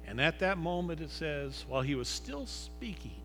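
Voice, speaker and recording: A man preaching a sermon that retells a scripture story dramatically, moving between loud emphasis and hushed low passages. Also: very animated, moderate pace, hardly any pauses. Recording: long reverb with faint music behind.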